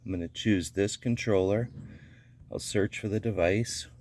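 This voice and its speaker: A man with a very low voice talks through a gadget setup one step at a time, in an easygoing, unscripted way. A faint hiss sits under his words. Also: measured pace. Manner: relaxed, narrates each step with small fillers. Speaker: gadget reviewer. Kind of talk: casual how-to walkthrough.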